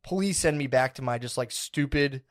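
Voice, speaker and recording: At a normal pace and medium pitch, this podcast co-host rambles through a story in a casual, animated way. Fillers crop up constantly, and he swears a lot.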